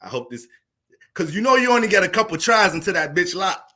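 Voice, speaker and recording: A young man casually talking through an astrology livestream, profane and animated, laughing often. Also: sits high, fast.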